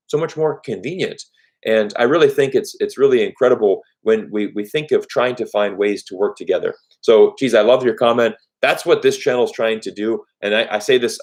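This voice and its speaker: A man's voice: medium pitch, darkish tone. A man hosting a live Q&A stream, talking earnestly and telling stories with lots of "you know" fillers. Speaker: livestream host. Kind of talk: live Q&A chat. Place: Vancouver, Canada.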